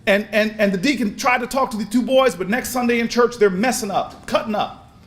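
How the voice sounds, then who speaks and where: A man giving an impassioned, preacher-style speech at a convention, telling stories with repeated words and building to shouts. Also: high-pitched, a little fast. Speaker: speaker at a convention. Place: large convention hall.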